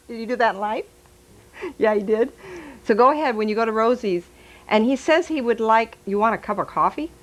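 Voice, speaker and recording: A woman's voice: fairly high pitch, animated, normal speed, long pauses, a bit bright, poor audio. Chatty, giggly woman psychic medium. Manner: chatty, giggly, relays messages aloud. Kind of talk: live stage reading.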